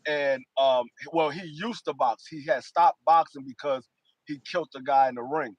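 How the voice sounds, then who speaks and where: A man telling stories in a casual podcast chat, animated, raising his voice for quoted lines. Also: a little high, moderate pace, dry recording, highs cut off. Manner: animated storyteller, voices quotes loudly, laughs. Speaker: podcast co-host.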